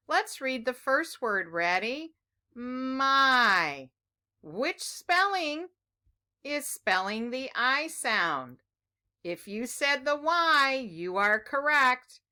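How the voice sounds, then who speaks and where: A woman teacher leading a children's phonics lesson in a slow, encouraging, sing-song voice. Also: a little high, bright, forceful tone.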